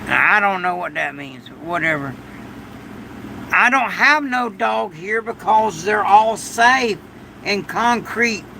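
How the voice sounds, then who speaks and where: An older man with a gravelly voice, rambling through a casual livestream from a shed during a storm, now and then loudly thanking his viewers. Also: high voice, lively intonation, slow pace, noisy background. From United States. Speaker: livestream host.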